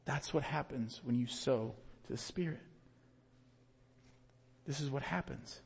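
A man's voice: measured pace, vocal fry, husky. Male pastor, mid-range voice, emphatic sermon delivery, long hall reverb. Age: adult with young children. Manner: earnest, builds to emphatic peaks then drops low.

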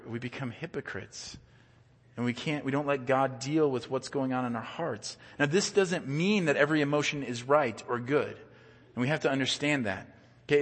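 A man's voice: mid-range voice, slightly rough. Earnest male pastor in a reverberant church. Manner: earnest, conversational preaching with frequent word repeats. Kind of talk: sermon. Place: church sanctuary.

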